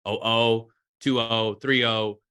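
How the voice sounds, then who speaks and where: Bright-voiced man telling stories casually. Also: medium pitch, takes it slowly, clean tone, no echo, studio quality. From Mexico. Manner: animated storyteller, acts out quoted dialogue. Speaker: podcast guest, former pitcher. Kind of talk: casual chat.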